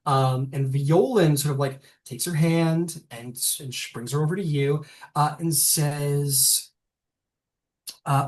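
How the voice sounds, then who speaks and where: A man's voice: a little high, slow. Guy running a tabletop game, lots of ums and restarts. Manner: rambling, filler-heavy, self-interrupting. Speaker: game master.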